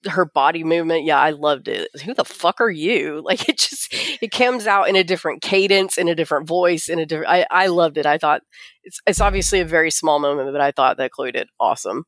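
A woman's voice: deep voice, fast talker, no room sound, clean studio sound. A woman co-hosting a casual podcast, giving emphatic opinions with laughs, recovering from the flu. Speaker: podcast co-host. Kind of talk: casual recap chat.

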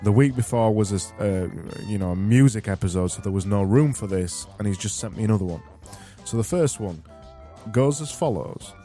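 A low, dark-toned man with a Barnsley accent hosts a solo podcast in a rambling, sarcastic and self-mocking way. Faint music plays behind him. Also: fairly quick. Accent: Barnsley, Yorkshire. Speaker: podcast host. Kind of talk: solo podcast with quiz segments.

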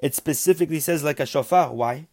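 A man's voice: a little high, fast talker, darkish tone. A man teaching a Torah lesson, reading Hebrew phrases and explaining them in English with repeated, rhythmic emphasis. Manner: explains Hebrew terms then translates them. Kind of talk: religious text lesson.

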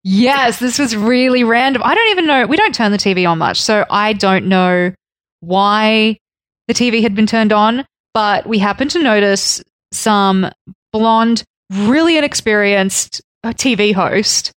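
A woman co-hosting a food travel podcast, chatting in a lively and incredulous way. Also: mid-range voice, measured pace, no echo. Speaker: podcast co-host. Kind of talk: casual travel storytelling.

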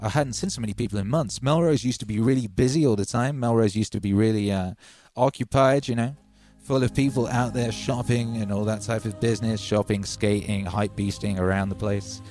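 Over soft background music, a livestream host with a fairly low, slightly mellow voice talks fairly quickly from home. He chats casually, spinning meandering, dryly humorous stories that start with hyped-up intros.

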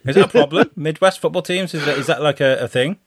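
A man's voice: a little high, fast, husky, no echo, studio quality. A man, chatting loosely on a podcast, swearing and laughing as he rambles. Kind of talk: casual podcast chat.

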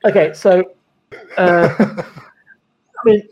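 A man's voice: sits high, wildly swooping pitch, slow pace, a little mellow, rough recording. A man, a former lawyer, telling stories as a podcast guest in a chatty style, swearing and laughing often. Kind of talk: casual chat, storytelling.

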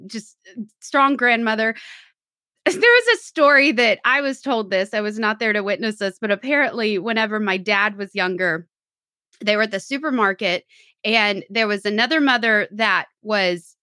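This podcast co-host keeps the conversation casual, frequently laughing while she shares stories. She speaks at a normal speed in a sharp, medium-pitched voice, recorded dry and at studio quality.

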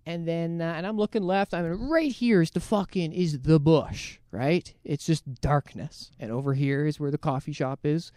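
Animated guy telling a crude story, swears a lot, high-ish voice, super dry sound. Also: moderate pace, few pauses, no echo. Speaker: podcast co-host. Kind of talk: casual storytelling chat.

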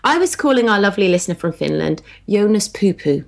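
A woman's voice: mid-range voice, very animated, fast talker, vocal fry. Chatty English woman co-hosting. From England. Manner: chatty, teasing, many fillers. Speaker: podcast co-host. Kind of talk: casual chat.

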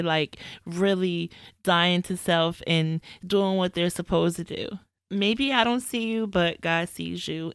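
A woman with a lowish voice talks candidly about faith, telling a personal story in a lively, conversational way. The sound is dry and close, with almost no room around her. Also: clean tone, no room sound. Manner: candid, animated retelling with quoted asides. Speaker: podcast host. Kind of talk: casual faith talk, storytelling.

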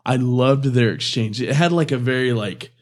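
A man in a casual movie review chat, speaking in a measured way and working from his notes. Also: mid-range voice.

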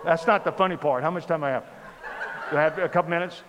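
A man telling a funny personal story from the pulpit in a sermon, animated and comic. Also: a little high, fast talker, noisy background. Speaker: pastor. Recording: reverberant hall with faint ambience.

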